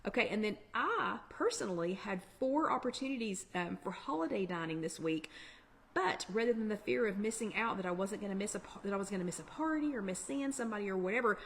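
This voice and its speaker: A woman hosting a live online workshop chat, talking fast in a chatty, encouraging way. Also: medium pitch, lively intonation, slight background noise. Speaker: workshop host. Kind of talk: casual live-stream chat.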